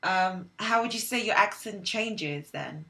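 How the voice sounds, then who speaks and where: A woman's voice: medium pitch, unhurried, bright, forceful tone. A young woman from England, hosting a casual discussion and reflecting aloud while searching for her words. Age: young adult. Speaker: host.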